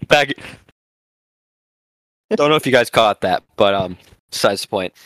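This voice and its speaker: A man's voice: on the low side, a little slow, dry recording. A man co-hosting a casual podcast, ranting loosely and swearing often. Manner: profane, animated ranting. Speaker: podcast co-host. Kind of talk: casual banter.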